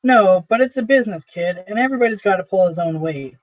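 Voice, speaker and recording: A man reading the part of a brisk, dismissive young male boss who chats offhandedly. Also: high-pitched, animated, a little hiss or hum. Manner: chatty, offhand. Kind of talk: amateur play reading. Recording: tinny phone-like audio.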